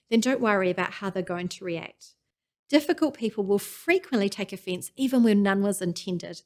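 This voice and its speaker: A woman gives a scripted teaching talk in a calm, earnest way. Her pitch sits in the middle of the usual range for a woman. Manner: calm, earnest, acts out example lines. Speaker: presenter.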